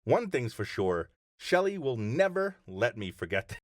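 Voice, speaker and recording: A man's voice: medium pitch, sing-song, normal speed, no echo, studio quality. A man in an easygoing, reflective first-person story narration.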